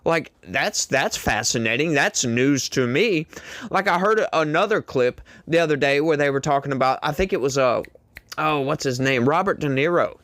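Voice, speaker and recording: A man's voice: fairly high pitch, animated, moderate pace, a bit bright, dry recording, studio quality. Sarcastic rambling male political commentator. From rural United States. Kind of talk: casual commentary monologue.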